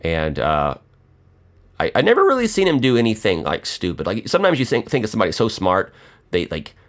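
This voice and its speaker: A middle-aged man talks in a loose, rambling monologue, joking and swearing freely. His voice sits low but swings widely in pitch. He tells stories the way a podcast host chats. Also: wildly swooping pitch, a little fast, fairly bright tone. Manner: profane, joking storyteller.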